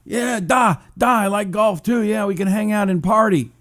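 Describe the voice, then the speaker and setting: A man putting on a clumsy comic impression of a male Russian leader with a thick mock Russian accent, higher than his usual voice. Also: normal speed, a bit bright. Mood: chummy.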